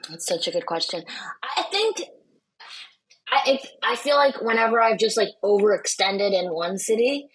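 A woman's voice: medium pitch, expressive, moderate pace, slightly rough, low-quality recording. A woman comedian as a podcast guest, blunt and sardonic, swearing freely in casual chat.

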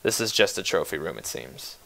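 A man's voice: a bass voice, very animated, brisk, vocal fry, sharp tone. Laid-back guy game-mastering, jokey, keeps restarting sentences. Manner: casual, joking, with many restarts. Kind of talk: narrating a tabletop game.

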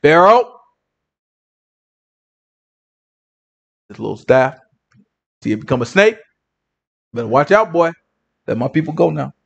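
Moses as a brash leader who turns frantic, swinging pitch, a preacher puts him on. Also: male voice, sing-song, moderate pace, gravelly, a bit bright, husky, lo-fi sound, exaggerated voice. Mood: swaggering. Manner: swaggering, then desperate. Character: Moses, bold then pleading leader.

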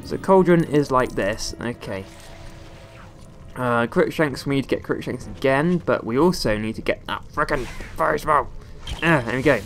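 A young man giving playful, rambling let's-play commentary over a video game, often jumping into squeaky high exclamations. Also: animated, moderate pace, fairly bright tone, faint music behind. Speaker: gaming YouTuber.

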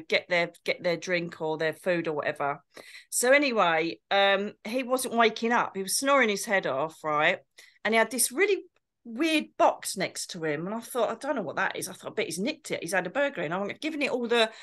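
A woman's voice: medium pitch, fairly bright tone. A middle-aged woman, telling stories in a casual chat and swearing now and then. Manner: chatty storyteller, swears, does posh impressions. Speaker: co-host, medium.

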